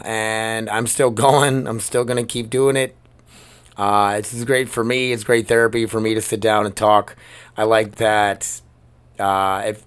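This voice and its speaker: A man's voice: on the low side, a bit bright, smooth, dry recording. Male solo podcast host, loose and profane, upbeat, recorded dry in a work storage room. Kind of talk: casual solo podcast chat. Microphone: laptop microphone.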